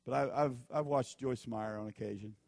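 A man's voice: medium pitch, normal speed, vocal fry, darkish tone, dry recording. A man preaching a sermon as pastor, telling folksy stories and repeating his warnings with emphasis.

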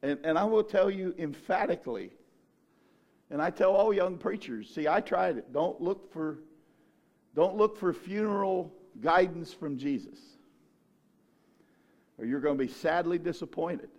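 A male pastor preaching a sermon, telling the story in an animated way that swings from quiet to shouting. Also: fairly high pitch, a little slow, long pauses.

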